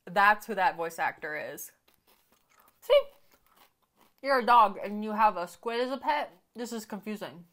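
Female reaction host, casual and talkative, expressive pitch, slips into quiet murmured asides. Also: a little slow, pauses often. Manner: chatty, thinks aloud, drops to quiet murmurs. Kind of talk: casual movie reaction commentary.

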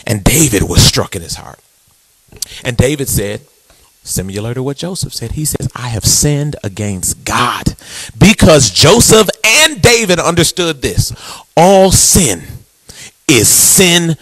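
A male pastor preaching a sermon, dramatic and call-and-response, with shouted peaks, sung phrases and quick, low storytelling stretches. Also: big pitch swings, husky, no echo.

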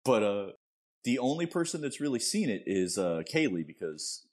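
A young man in casual podcast chat, his voice mid-pitched and ordinary. He tells anecdotes and trades crude jokes with his co-host. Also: big pitch swings, moderate pace, darkish tone. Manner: crude, joking banter.

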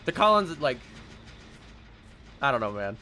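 A man's voice: medium pitch, very animated, unhurried, bright, forceful tone. A young man streaming a game live, casually ranting and swearing, laughing at himself between rants. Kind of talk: casual live-stream chat while gaming.

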